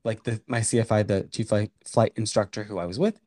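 A man's voice: lowish voice, steady tone, a little fast, dark tone, no echo, studio quality. A man hosting a podcast in casual chat, playful and joking, often trailing off mid-sentence. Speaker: podcast host.

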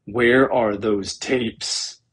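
Slow husky growling dark lord guy, cold and menacing, man doing the voice. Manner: slow, low growling threats.

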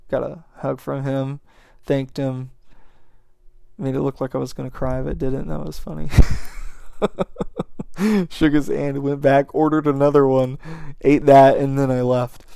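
A man's voice: medium pitch, vocal fry, mellow, dry recording, studio quality. A young man hosting a podcast, telling a casual, rambling story and swearing freely. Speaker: podcast host.

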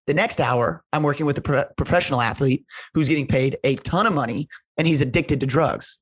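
A man's voice: medium pitch, a little fast, slightly rough, no room sound. A man, a strength coach, telling stories in casual conversation, rambling with lots of "like" and "right?", earnest and emotional. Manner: rambling, heavy use of "like" and "right?".

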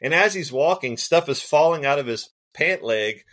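Animated man telling golf stories. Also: on the high side, normal speed. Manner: animated, laughs often, acts out quoted voices. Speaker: golf caddie and podcast guest. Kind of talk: casual storytelling.

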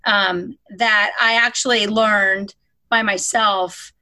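A middle-aged woman in casual conversation, telling a personal story in an animated way. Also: medium pitch, takes it slowly. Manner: animated storytelling, bursts into loud mock scolding.

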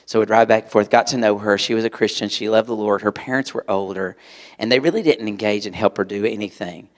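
A man preaching to a live audience, telling a personal story in an animated way and acting out voices. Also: on the low side, fast. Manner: animated, acts out voices, sudden loud outbursts. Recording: long hall reverb.

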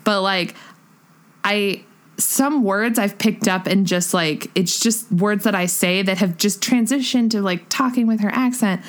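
A young woman co-hosts a casual podcast chat, speaking unhurriedly in a medium-pitched voice. She giggles and rambles, using lots of filler words.

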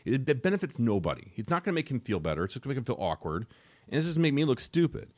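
Fast-talking, opinionated young man. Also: mid-range voice, no room sound. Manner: rapid, opinionated, animated asides. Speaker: podcast co-host. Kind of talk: casual podcast chat.

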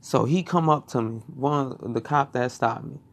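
A man's voice: mid-range voice, normal speed. A young man casually telling a personal story, swearing, rambling and repeating himself.

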